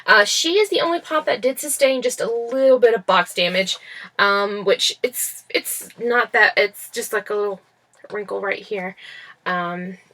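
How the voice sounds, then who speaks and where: A woman's voice: medium pitch, unhurried, pushed and bright. A woman vlogging about a toy haul in casual chat at home, rambling with many fillers and restarts, recorded on a laptop microphone. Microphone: laptop built-in mic.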